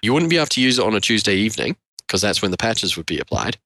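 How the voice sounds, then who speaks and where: A man's voice: lowish voice, big pitch swings, very fast, pushed and bright, dry recording. A man co-hosting a casual tech podcast, joking wryly and laughing often. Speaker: podcast co-host.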